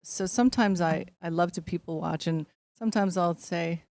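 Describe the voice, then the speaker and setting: Woman actress, deep-ish voice, chatty and giggly, lots of ums, dry mic. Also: moderate pace, a little mellow, no room sound. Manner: chatty, laughing, many fillers. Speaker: actress guest. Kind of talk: casual interview chat.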